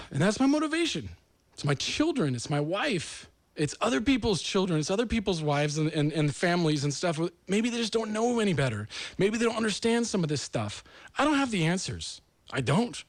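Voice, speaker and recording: A man's voice: high voice, sing-song, fairly quick, dry recording. A man from the United States hosting a talk show, delivering an earnest, rambling monologue that turns emotional. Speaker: host.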